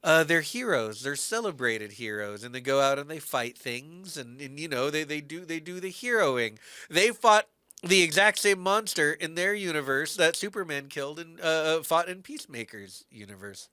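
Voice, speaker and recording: A man's voice: a little high, animated, moderate pace, bright, forceful tone, no room sound, studio quality. A man co-hosting a podcast, earnestly and animatedly recapping a TV show in casual chat. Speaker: podcast co-host.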